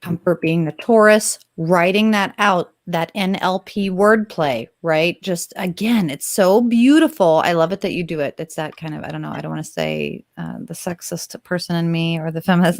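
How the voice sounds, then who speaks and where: Enthusiastic female co-host, slightly low voice, rambling chat, dry close sound. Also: animated, normal speed, hardly any pauses, no room sound. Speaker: astrology podcast co-host. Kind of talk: casual chat.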